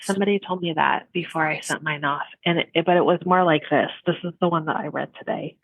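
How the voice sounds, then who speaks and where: A middle-aged woman co-hosting a casual podcast chat, telling lively stories and laughing often. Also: deep voice, fast talker, no room sound, narrow, tinny audio. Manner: animated storyteller, laughs often. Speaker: podcast co-host.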